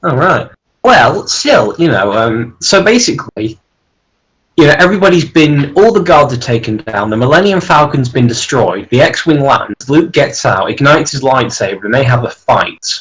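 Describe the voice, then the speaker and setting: Animated man spinning fan ideas. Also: moderate pace, poor audio. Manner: eager, rambling storyteller who pitches plot ideas. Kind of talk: casual chat with a friend.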